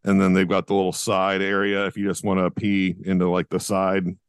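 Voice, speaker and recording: A man's voice: deep voice, completely flat delivery, brisk, clean tone, no echo, studio quality. A man co-hosting a casual chat podcast, laid-back and blunt, swearing freely. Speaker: podcast co-host.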